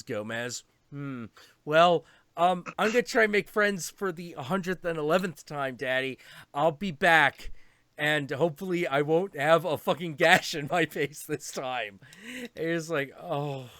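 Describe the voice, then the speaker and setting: A man's voice: fairly high pitch, measured pace, dry recording. A man chatting casually on a live stream, swearing and laughing as he tells animal stories. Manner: profane, laughing, animated storytelling. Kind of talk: casual chat.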